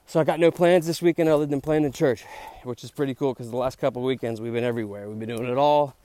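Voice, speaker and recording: A man's voice: a little high, mellow, no room sound. Middle-aged Philly guy, chatty podcast host, walking outdoors, loose rambling delivery full of "dude". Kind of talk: casual walk-and-talk monologue. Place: outdoors on a park trail.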